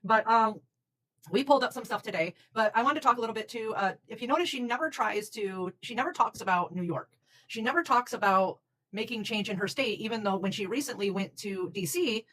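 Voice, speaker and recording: A woman's voice: medium pitch, brisk, fairly bright tone, rough recording. A woman co-hosting a casual talk show, frank and chatty, calling people dude. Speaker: podcast co-host. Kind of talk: casual chat.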